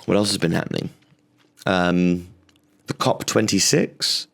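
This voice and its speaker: A man's voice: low voice, fairly even intonation, unhurried, vocal fry. A man hosting a comedy podcast, rambling and facetious in a solo monologue.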